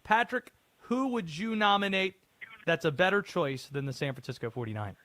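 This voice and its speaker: Playful high-voiced male radio host. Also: lively intonation, moderate pace, fairly bright tone, dry recording. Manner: playful, mock-grand patter. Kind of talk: call-in sports radio hosting.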